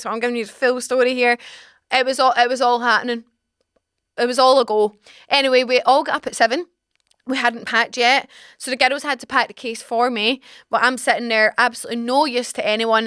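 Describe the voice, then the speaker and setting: A young woman in her twenties with a Scottish accent, hosting a podcast and telling a frank, animated story in casual chat. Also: on the high side, clean tone, no echo, clean studio sound. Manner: animated, dramatic, swearing, frank. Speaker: podcast host. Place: small podcast studio. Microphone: studio mic.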